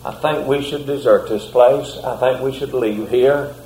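A man preaching who voices a loyal wife, speaking softly and hesitantly as she agrees with her husband. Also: medium pitch, a little slow, a little hiss or hum, natural voice. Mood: gentle. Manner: soft, gentle, hesitant. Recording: echoey room.

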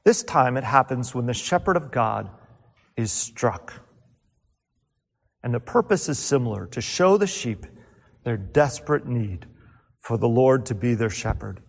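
A man preaching a sermon with earnest rhetorical questions, letting key words fall quiet. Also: mid-range voice, very animated, a little slow, gravelly, long pauses, in a large hall.

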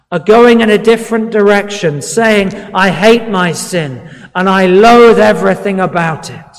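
Male preacher, high voice, slow earnest delivery, reverberant church hall. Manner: earnest, pleading, repeats words for emphasis. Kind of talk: sermon.

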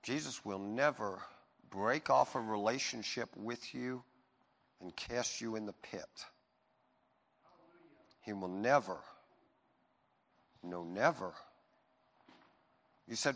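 A male pastor preaching with a bright, forceful voice that carries through a large hall with long reverb. He swings from loud emphasis to quiet reassurance as he speaks to his congregation. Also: fairly low pitch, slow pace, creaky, pauses often. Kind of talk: sermon.

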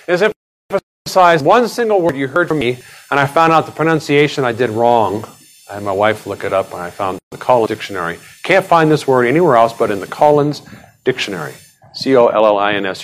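Middle-aged man, pastor, chatty sermon, mid-pitched voice that leaps up on emphasis. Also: low-quality recording. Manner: conversational, rambling, with frequent restarts and asides; pitch jumps up sharply when emphatic.

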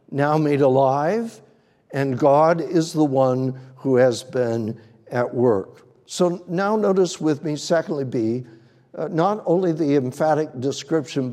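A man's voice: a little high, mellow, big-room sound. A man preaching an expository sermon, working methodically through numbered points.

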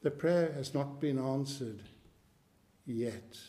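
A man preaching a sermon, slow and emphatic, repeating key phrases and clearing his throat now and then. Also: medium pitch, warm tone.

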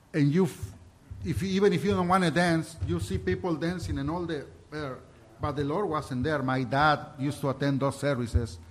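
A man with a somewhat high-pitched voice preaches a heartfelt sermon. He reads scripture aloud and shares his own experience in an earnest, halting way, often stopping to restart a thought. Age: adult. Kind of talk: sermon mixing Bible reading and personal testimony.

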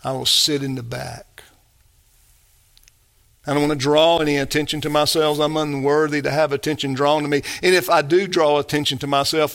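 A man's voice: fairly high pitch, fairly even intonation, measured pace, bright, forceful tone, clear, resonant tone. A man preaching a sermon, earnest and emphatic, building to rising bursts. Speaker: pastor.

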